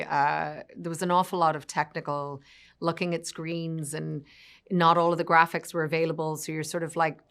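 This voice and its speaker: A woman's voice: low voice, a bit bright. A woman being interviewed as an actress, speaking casually and hesitantly with self-deprecating humor. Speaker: actress guest.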